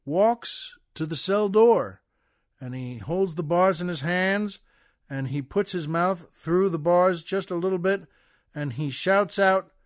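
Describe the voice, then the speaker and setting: An older American man hosting a comedy show, telling a long joke with folksy, chuckling asides in a relaxed way. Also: high-pitched, no echo, clean studio sound. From United States. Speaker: podcast host. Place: studio.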